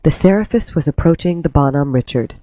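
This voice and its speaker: Male narrator, slightly high voice, steady storybook reading, tinny phone-like sound. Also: fairly quick, no room sound. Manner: steady, clear storytelling delivery. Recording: tinny phone-like dry recording.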